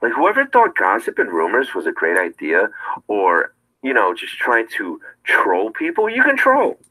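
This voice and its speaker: Man, low bright voice, preachy monologue, played clip. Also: very animated, moderate pace, rough recording. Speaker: video personality being watched.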